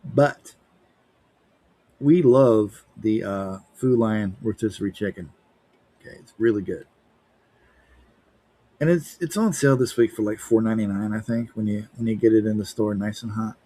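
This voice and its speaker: A man's voice: fairly low pitch, moderate pace, long pauses, warm tone, dry recording. A man chatting on a live art stream, rambling and joking playfully. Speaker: livestreaming artist. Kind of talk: casual stream chat.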